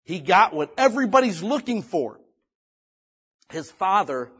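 A man's voice: high-pitched, sing-song, a little slow, pauses often, fairly bright tone, husky. A male pastor preaching a conversational sermon, reading scripture and building to emphatic exhortation.

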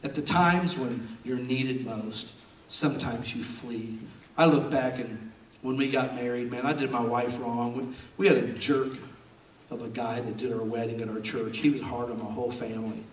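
A middle-aged man preaching a sermon in a large church auditorium, telling stories with loud bursts and hushed asides. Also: medium pitch, steady tone, moderate pace, far from the mic, slight background noise. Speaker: pastor. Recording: roomy sound from off-mic in a hall.

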